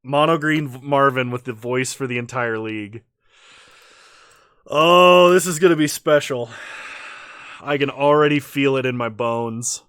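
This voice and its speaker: A man's voice: medium pitch, unhurried, long pauses, smooth, dry recording, studio quality. A man streaming a card game with casual commentary, laughing often and a little tipsy after a few beers. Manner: laughs often, relaxed and chatty.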